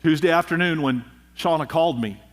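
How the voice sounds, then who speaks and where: A pastor preaching a sermon, with emphatic delivery and rhythmic repetition. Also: male voice, fairly high pitch, a little fast. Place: church.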